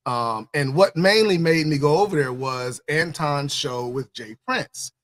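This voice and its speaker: A man's voice: fairly high pitch, unhurried, fairly bright tone. A man hosting a casual livestream chat, laid-back and repeating his phrases. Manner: laid-back, repeats phrases, says "you know what I'm saying". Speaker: livestream host.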